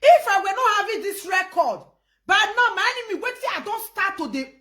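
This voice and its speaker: With an extremely high pitch and a fairly quick pace, a woman hosts a casual live stream in a Nigerian Pidgin English accent. She laughs and stays animated throughout, her quiet phone chat interrupted by loud outbursts.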